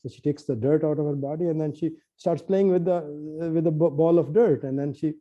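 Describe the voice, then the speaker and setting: Talkative poet guy, slightly high pitch, acts out the voices, kinda muffled recording. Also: a little fast. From Nepal. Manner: lively, acts out quoted dialogue, many restarts. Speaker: poet and translator. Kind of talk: animated storytelling in conversation.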